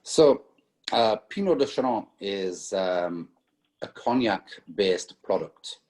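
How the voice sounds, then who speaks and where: A man with a very low voice, talking through an interview as a spirits importer. He speaks casually, pausing on fillers and restarting his sentences as he works through long stories. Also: expressive, a little mellow. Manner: hesitant, many fillers and restarts, storytelling.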